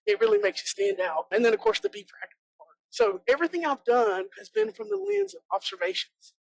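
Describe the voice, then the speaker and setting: A woman's voice: high-pitched, big pitch swings, a little fast, creaky, low-quality recording. A woman from South Georgia with a Southern American accent, giving a chatty, joking conference talk as a bee inspector. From South Georgia, USA. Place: conference room.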